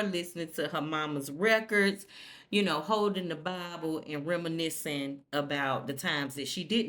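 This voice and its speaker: A woman's voice: sits low, bright, forceful tone. A woman recapping a TV episode in a sassy, profane, chatty way, retelling scenes through quoted dialogue. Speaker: TV recap vlogger. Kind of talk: casual recap narration.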